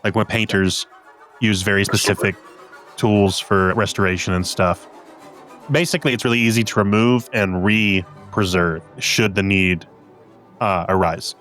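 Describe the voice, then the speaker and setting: A man's voice: fairly low pitch, unhurried, a bit bright, soft background music. A man voicing a formal, ceremonious male insect-folk ambassador. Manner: formal, ceremonious, then searching for words.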